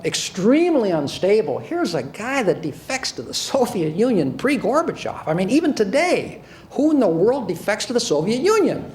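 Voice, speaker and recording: A man's voice: sits high, darkish tone, a little hiss or hum. An older man from the United States, a former prosecutor, giving a sarcastic, emphatic talk to an audience, often repeating and restarting words. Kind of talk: speech to an audience.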